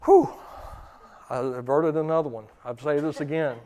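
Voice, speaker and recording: A man's voice: fairly high pitch, steady tone, normal speed, dark tone, close to an everyday voice. A man voicing an anxious house dog that believes it is in charge, talking through its thoughts in an alarmed, self-important way. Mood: relieved.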